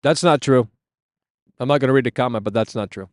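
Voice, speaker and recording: A man's voice: medium pitch, brisk, no echo, studio quality. A man hosting a casual live stream outdoors on his phone, ranting and swearing as he answers chat. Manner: ranting, profane, reading chat aloud.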